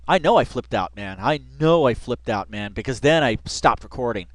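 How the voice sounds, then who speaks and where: A man's voice: mid-range voice, lively intonation, moderate pace, no echo. Man, casual reaction commentary, laid-back, laughs a lot, dry close sound. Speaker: reaction video host.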